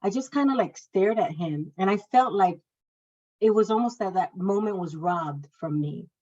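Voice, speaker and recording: A woman's voice: medium pitch, animated, normal speed, warm tone. A woman sharing a personal testimony of faith in casual talk, telling it with feeling and acting out the words of the people in her story. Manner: emotional storytelling, acts out quoted speech; faith-filled, speaks of God. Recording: dull lo-fi audio.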